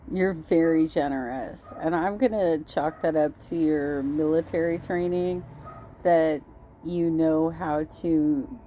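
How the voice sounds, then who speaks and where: A woman's voice: low-pitched, warm tone, slight background noise. A woman hosting reaction commentary, blunt and cutting, often sarcastic. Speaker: commentary channel host.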